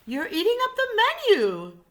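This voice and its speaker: A woman's voice: medium pitch, very animated, measured pace, a bit bright. A woman voicing a fussy, polite male restaurant waiter in a storybook, prim and exclamatory. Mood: alarmed.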